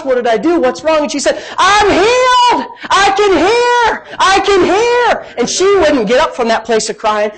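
A middle-aged man preaching a sermon as pastor, animated, moving between quiet asides and emphatic rising lines. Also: very high voice, low-quality recording.

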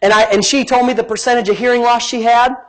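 Speaking fast in an extremely high pitch, this middle-aged pastor preaches with animation, swinging between quiet asides and emphatic, rising lines. The recording is low quality.

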